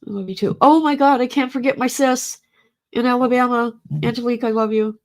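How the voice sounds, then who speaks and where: A woman's voice: fairly high pitch, steady tone, a little fast. A middle-aged woman, grieving, talking casually and emotionally to her livestream chat. She rambles and swears. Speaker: livestream host.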